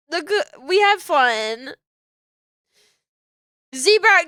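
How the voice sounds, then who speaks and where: High-pitched, slow-talking young woman streamer. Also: expressive, bright, forceful tone, clean tone, no echo, clean studio sound. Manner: rambling and swears often. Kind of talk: casual livestream chat.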